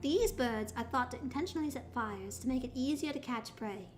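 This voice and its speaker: A woman putting on a mock announcer voice to read out a fact card in a lower, deliberate tone. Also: faint music behind, lightly acted. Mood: mock-formal.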